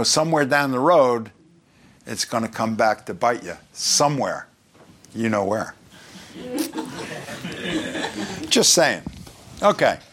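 A male pastor from New York, with a New York accent and a mid-range voice, delivers a sermon in a conversational way. He reads scripture aloud and drops in joking asides. There's a little hiss or hum.

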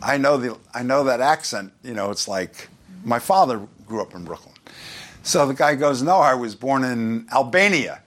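A man's voice: mid-range voice, animated, normal speed, fairly bright tone. Conversational New York preacher man. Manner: conversational, joking asides, reads scripture aloud. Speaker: pastor. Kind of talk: sermon.

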